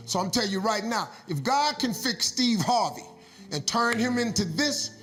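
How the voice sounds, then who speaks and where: A man's voice: sits high, animated, normal speed, a bit bright, long reverb tail. A man giving a preached motivational speech, rhythmic and repeating lines for emphasis. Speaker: motivational speaker.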